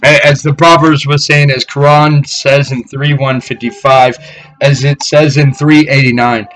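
A man preacher delivering a fiery, profane sermon, ranting, cursing and often shouting. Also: medium pitch, level tone, a little slow, rough recording.

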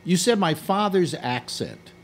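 A man's voice: on the high side, a little slow, a little hiss or hum. An older man hosting a casual conversation, talking in a rambling way, restarting his sentences often. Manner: animated, rambling with many restarts. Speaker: host.

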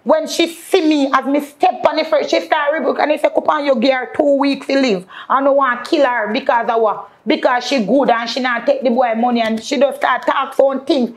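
A female guest with a Jamaican accent gives an emotional personal testimony in patois, often calling out to the faithful. Her high voice holds a steady tone at a moderate pace, with hardly any pauses.

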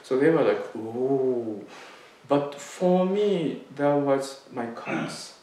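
A man giving a Zen dharma talk, telling a personal story in a halting way with many fillers and restarts. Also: fairly high pitch, expressive, mellow. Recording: echoey room, mic at a distance.

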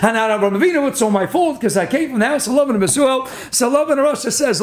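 A rabbi lecturing with a very high-pitched voice, and he keeps things animated. He chuckles through his points and peppers his talk with Hebrew and Yiddish terms. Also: fast talker, hardly any pauses. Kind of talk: Torah lecture.

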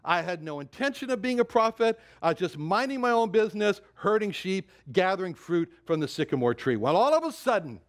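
A man's voice: high voice, big pitch swings, brisk, hardly any pauses. A man preaching a sermon, emphatic, repeating words and quoting scripture in older English.

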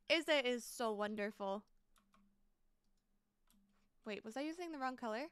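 Young female streamer, bubbly and chatty, high-pitched, dry close mic. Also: unhurried, long pauses, clean tone, no room sound. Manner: bubbly, repeats exclamations, thanks chat excitedly. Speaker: game streamer. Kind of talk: casual live-stream chat while building in a game.

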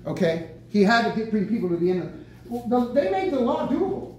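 Excitable male preacher, very high and animated pitch, recorded from afar in an echoey room. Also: fairly quick. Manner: excitable, bursts out with exclamations. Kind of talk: lively sermon. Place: senior center meeting room. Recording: very echoey room, mic from far off, faint noise.

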